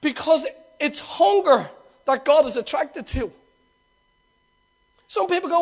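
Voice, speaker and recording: A man pastor preaching an animated sermon, repeating himself and restarting, swelling at times to shouts. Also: extremely high pitch, moderate pace, pauses often.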